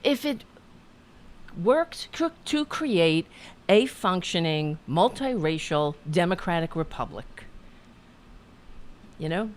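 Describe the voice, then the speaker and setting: A woman hosting a political commentary show, ranting angrily with cursing and halting restarts. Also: fairly low pitch, sing-song. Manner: profane, heated, halting restarts. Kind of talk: angry political rant.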